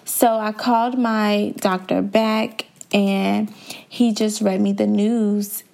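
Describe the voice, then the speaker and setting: A woman's voice: medium pitch, level tone, slow pace, vocal fry, darkish tone. A young woman hosting a podcast, candidly telling a personal story in a conversational way and talking straight to her listeners. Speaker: podcast host.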